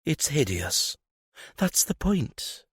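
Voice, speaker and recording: A man voicing a sharp-tongued young noblewoman in an audiobook, with a prim, clipped manner. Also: on the high side, very animated, slow pace, slightly rough, dry recording, studio quality, voice pushed up, full character voice. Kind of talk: audiobook character voice.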